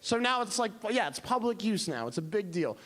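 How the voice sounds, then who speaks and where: High-voiced man doing animated stand-up. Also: brisk. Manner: animated storytelling, bursting into shouted punchlines. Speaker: stand-up comedian. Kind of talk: stand-up comedy set. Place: comedy club stage. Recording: noisy live club recording.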